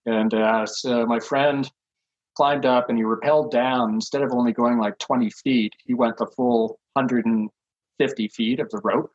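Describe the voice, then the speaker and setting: A man's voice: medium pitch, fairly even intonation, normal speed, muffled recording. A man in his sixties, a podcast guest telling rambling stories with lots of fillers and chuckles. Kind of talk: casual anecdotal storytelling.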